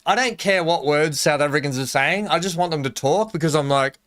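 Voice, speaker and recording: A man's voice: fairly high pitch, fairly quick, fairly bright tone. A young adult man with an Australian accent, chatting casually on a live game stream, rambling and joking and laughing a lot as he reads out chat.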